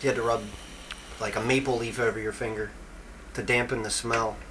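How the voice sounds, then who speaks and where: A man co-hosting a podcast, chatting casually in an animated, joking and profane way. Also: mid-range voice, a little fast, a little hiss or hum, rough recording. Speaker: podcast co-host. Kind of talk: casual chat.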